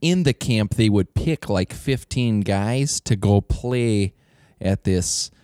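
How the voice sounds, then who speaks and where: A man's voice: fairly low pitch, takes it slowly, warm tone, clear, resonant tone, no room sound, clean studio sound. A man telling a story in casual chat, rambling with lots of fillers.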